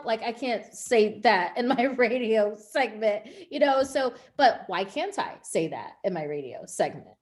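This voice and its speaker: A woman interviewing a guest, curious and expressive in her questions, with a conversational radio-host manner. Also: fairly high pitch, moderate pace, few pauses. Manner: curious, expressive, laughs easily.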